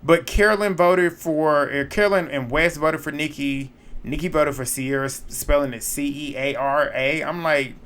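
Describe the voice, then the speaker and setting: A man recapping a reality show in casual commentary, blunt, opinionated and quick to swear. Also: fairly high pitch, a bit bright.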